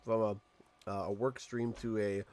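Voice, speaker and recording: A man's voice: fairly low pitch, little pitch movement, unhurried, a little mellow. A Canadian man hosting a casual live stream from his home room, joking and playfully complaining at his desk mic. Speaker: streamer host.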